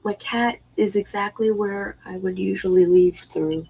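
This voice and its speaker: Woman, stream host, casual chat, gravelly, husky. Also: medium pitch, fairly even intonation, a little slow, warm tone, no room sound, rough recording. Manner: chatty, answers viewers' chat messages. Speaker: livestream host. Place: home.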